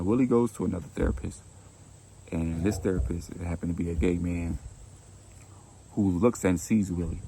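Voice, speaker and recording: A man telling a story in a laid-back, conversational way, with a gravelly voice. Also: sits low, background noise. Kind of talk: casual storytime narration.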